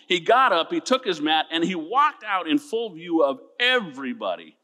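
A man's voice: a little high, big pitch swings, brisk, hardly any pauses, pushed and bright. A male pastor preaching a sermon, calling out to his congregation and rising to emphatic peaks. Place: church sanctuary. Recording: long church reverb.

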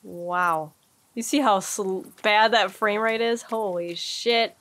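A woman's voice: medium pitch, slow, a bit bright. A woman giving casual let's-play commentary, chatty and giggly, thinking aloud as she plays. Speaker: gaming streamer.

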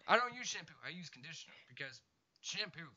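Crude, lively-voiced joking man. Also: a little high, fast talker. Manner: crude, joking, swears a lot, laughs often. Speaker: YouTuber being interviewed. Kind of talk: casual interview chat. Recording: dull lo-fi sound.

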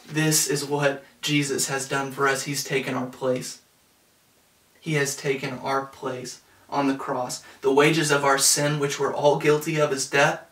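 A pastor preaching a sermon, earnest, slowing down to stress scripture quotes. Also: male voice, mid-range voice, little pitch movement, a bit bright. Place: church sanctuary. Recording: roomy sound from a distance.

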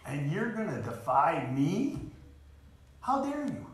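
A man's voice: extremely high pitch, sing-song, unhurried, pitched above the performer's own voice, exaggerated voice. A man playing a furious boastful old king. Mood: indignant. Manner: indignant shouting, haughty. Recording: very echoey church hall.

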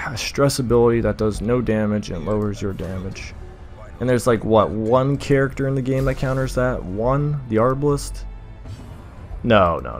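A young adult man streams a game with soft music behind him, his mid-range voice expressive and moderately paced. Exasperated, he vents through live commentary and swaps real swears for mild oaths.

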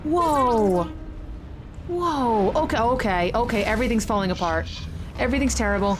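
A woman hosting a gaming channel, giving excitable, chatty let's-play commentary full of exclamations. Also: fairly high pitch, normal speed, background noise.

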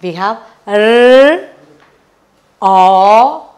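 A woman teaching a children's phonics lesson, sounding out letters slowly and repeating each one. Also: medium pitch, expressive.

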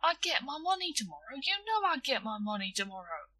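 A woman's voice: on the high side, very animated, a little fast, pushed and bright, full character voice. A woman voicing a cheeky, hopeful schoolboy in a storybook reading, coaxing and wheedling.

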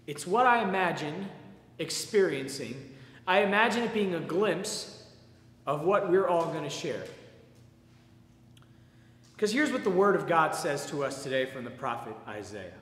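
A man's voice: a little high, animated, unhurried, long pauses, a bit bright. A man preaching a sermon as pastor, telling a personal story in an earnest way and repeating his words as he goes. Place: church sanctuary. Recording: echoey church with long reverb.

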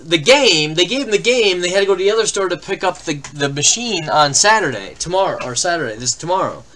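This card-break streamer's voice is high-pitched, expressive, quick, bright and pushed. He rambles casually through anecdotes on the live stream before running through lists of names matched to teams.

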